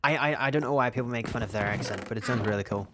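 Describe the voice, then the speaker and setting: A man's voice: medium pitch, rapid-fire, noisy background. An Australian man streaming a game and chatting casually, rambling and restarting his sentences as he answers chat. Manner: reads out and answers chat questions. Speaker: live streamer.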